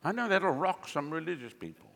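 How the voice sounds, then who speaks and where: Gravelly, bright-voiced preaching man. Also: a little fast, big-room sound. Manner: animated, sweeping pitch jumps with a chuckling aside. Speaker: pastor. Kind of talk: preaching a sermon.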